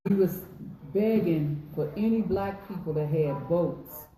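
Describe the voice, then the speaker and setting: A woman's voice: on the low side, a little slow, dark tone. A woman in a studio audience giving an earnest, slightly hesitant account. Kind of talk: casual spoken account. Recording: echoey room with clear noise.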